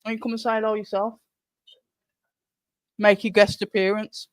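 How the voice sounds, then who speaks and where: A woman's voice: medium pitch, flat delivery, normal speed, smooth, no echo, clean studio sound. A middle-aged woman hosting a live stream, chatting casually and reading viewer comments aloud from home. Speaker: livestream host.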